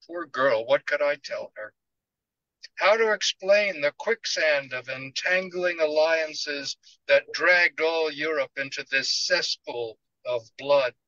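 A man, an author, reading his novel aloud in measured first-person literary narration. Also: on the high side, bright, forceful tone, no room sound, highs cut off.

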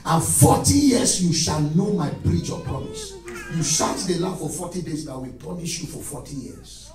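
A man preaching an animated sermon as pastor, swinging between shouted lines and low asides. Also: normal speed. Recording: echoey church hall from far off, with music.

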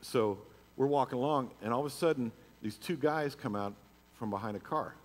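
A man's voice: on the low side, in a large hall. A middle-aged man preaching a sermon, moving from personal storytelling into emphatic declarations. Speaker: pastor. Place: church sanctuary.

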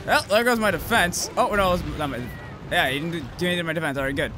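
Foul-mouthed man yelling at a game. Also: sits high, expressive, fast, background noise. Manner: profane, yells insults at the monster. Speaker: let's play host. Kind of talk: casual gameplay commentary. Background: game music.

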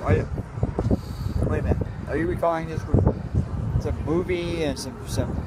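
A man outdoors, dismissive, brushing off questions with quick scoffing replies. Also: on the high side. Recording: loud wind noise on the mic.

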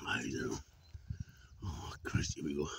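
A Welsh vlogger in his sixties narrates a walk up a hillside outdoors, breathless from the climb, at a measured pace over a noisy background. His talk is casual, full of exclamations and frequent swearing.

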